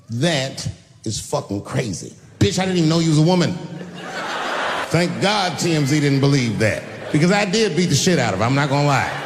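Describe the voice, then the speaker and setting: A man doing stand-up on a big stage, his voice lively and swinging through its pitch as he tells crude, animated stories. He sits a little high for a man, with a long hall reverb trailing each line. A faint ambience sits under the whole recording. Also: slight background noise. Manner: profane, animated storytelling with acted-out voices. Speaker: stand-up comedian. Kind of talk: stand-up comedy. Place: stage in a large venue.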